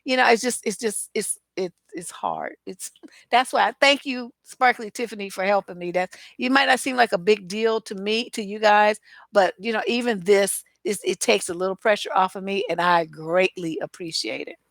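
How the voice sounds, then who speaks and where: Woman relationship coach, frank and conversational, mid-pitched voice, close and dry. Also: moderate pace, creaky, dry recording. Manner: chatty and blunt, many "you know" fillers. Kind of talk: casual livestream advice talk.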